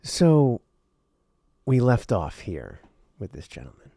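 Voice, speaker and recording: A male podcast host talking alone, earnest and rambling, with a lot of repeated words, going from intense to quiet and emotional. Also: mid-range voice, huge pitch swings, takes it slowly, creaky, slightly rough, dry recording, studio quality. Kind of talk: reflective solo podcast monologue.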